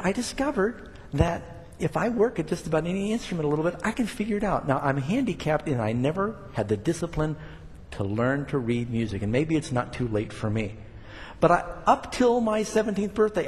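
A man's voice: on the high side, darkish tone, a little hiss or hum. Older man preaching in a reverberant hall. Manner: conversational preaching with rising emphatic points. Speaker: pastor. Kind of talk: sermon.

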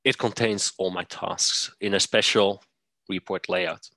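A man presenting a software demo, walking through steps methodically with occasional fillers. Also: sits low, steady tone, measured pace, no echo. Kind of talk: screen-share software demo.

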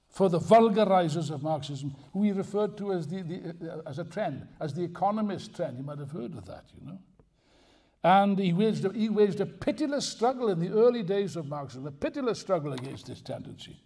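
A man's voice: sits high, very animated, moderate pace, creaky, dark tone, a little hiss or hum. An older man giving a live lecture to an audience, emphatic and digressive, with wry asides and jokes. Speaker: speaker at a political festival.

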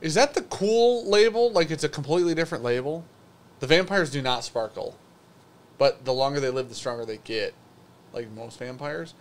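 A man's voice: on the high side, expressive, normal speed. A man co-hosting a live whiskey show, chatting casually in a loose, joking, rambling way. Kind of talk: casual live-stream chat.

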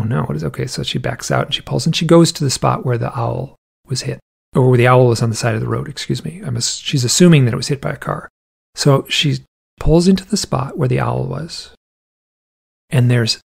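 A man's voice: mid-range voice, gravelly, slightly rough. A man telling a long story in casual conversation, acting out the people in it. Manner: animated storyteller, acts out quoted people in a raised voice. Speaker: podcast guest.

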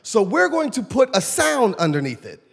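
A man pastor preaching a sermon in a church, animated and conversational, questioning his congregation. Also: high-pitched, normal speed, vocal fry, breathy edge. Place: church sanctuary. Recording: long church hall reverb.

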